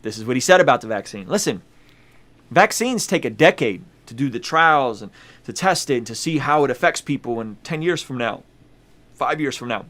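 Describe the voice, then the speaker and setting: This YouTube host runs a casual vlog, speaking straight to his viewers in conversational slang. His mid-range voice is animated, brisk, and a bit bright, and he's emphatic, repeating lines for effect.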